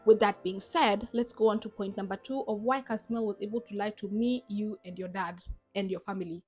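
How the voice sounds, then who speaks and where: A woman's voice: mid-range voice, fairly even intonation, fairly quick, music in the background. A young adult woman from Zimbabwe giving emphatic, sarcastic commentary in a vlog. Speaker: YouTuber.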